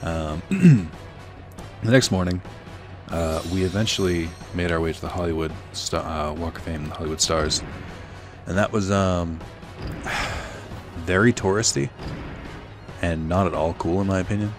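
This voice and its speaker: A man's voice: low voice, measured pace, pauses often, music in the background. A young man telling a rambling, sardonic story while playing a video game, full of fillers. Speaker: let's play host. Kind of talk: casual storytelling while gaming.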